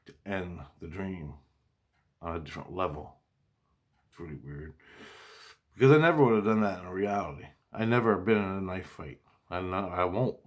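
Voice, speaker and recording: Low-voiced man, rambling and profane. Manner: profane, agitated storytelling with frequent restarts. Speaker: vlogger recounting a dream. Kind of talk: rambling casual monologue.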